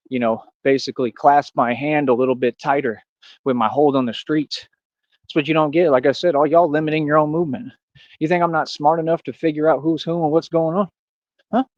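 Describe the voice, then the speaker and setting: A man's voice: fairly high pitch, steady tone, a little fast, dry recording. A man ranting on a stream in casual street slang, boastful and confrontational, calling out critics with lots of "like" and "bro". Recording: dull lo-fi stream audio.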